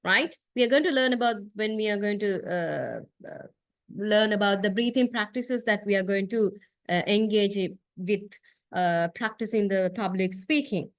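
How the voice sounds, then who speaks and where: A woman's voice: mid-range voice, moderate pace, no echo. A woman lecturing to a class, explaining step by step with frequent uh fillers and a questioning "right?" tag. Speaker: university lecturer.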